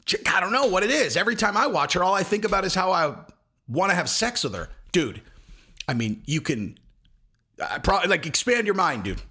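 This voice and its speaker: A man's voice: high-pitched, big pitch swings, fairly quick, pushed and bright, husky. A man ranting casually to camera as an online commentator, rambling and crude, often cutting himself off mid-sentence. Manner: rambling, crude, self-interrupting. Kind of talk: casual video rant.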